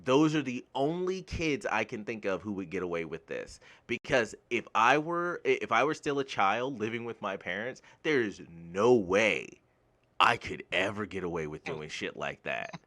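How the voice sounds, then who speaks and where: Bright-voiced man ranting bluntly. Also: lowish voice, normal speed. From United States. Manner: blunt, swears freely, laughs at own jokes; animated, voice jumps up when worked up. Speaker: gaming YouTuber. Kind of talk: casual ranting commentary.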